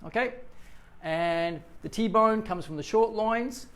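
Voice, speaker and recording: A man's voice: high-pitched, slow, a bit bright. Chatty New Zealand man teaching English. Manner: chatty, reads out viewer comments. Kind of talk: casual livestream lesson.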